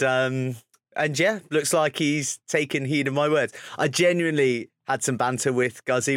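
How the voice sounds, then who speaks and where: A man's voice: medium pitch, a bit bright, no echo, clean studio sound. A man hosting a rugby podcast, telling stories with lots of banter. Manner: banter-heavy storytelling, mimics others. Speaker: podcast host. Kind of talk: casual chat.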